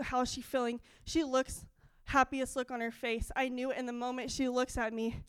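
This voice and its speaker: A young adult woman giving an excited, animated testimony in a church service, acting out her own quoted dialogue. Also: fairly high pitch, smooth, dry recording. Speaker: church speaker.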